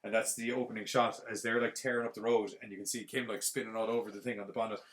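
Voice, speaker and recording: A man, hosting a podcast and retelling a film plot in a casual, rambling, animated way full of fillers. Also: lowish voice, quick pace. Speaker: podcast host.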